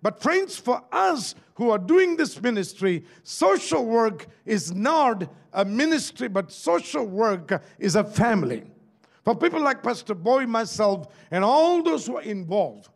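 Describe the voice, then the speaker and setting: A man's voice: very high-pitched, sing-song, unhurried, gravelly. A man with a Malaysian English accent preaching a sermon as pastor, calling out to his listeners for amens and asking them questions. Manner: preachy, calls out for amen and asks the crowd questions.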